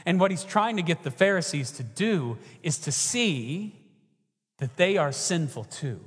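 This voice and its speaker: A man's voice: fairly high pitch, sing-song, a little slow, husky. A man from Texas preaching a sermon in a conversational way, often checking in with the congregation with "right?". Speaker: pastor. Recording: long hall reverb.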